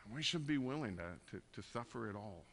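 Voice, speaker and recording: A man preaching a conversational sermon, moving between quiet, tender passages and loud emphatic bursts. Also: mid-range voice, lively intonation, fast. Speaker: pastor.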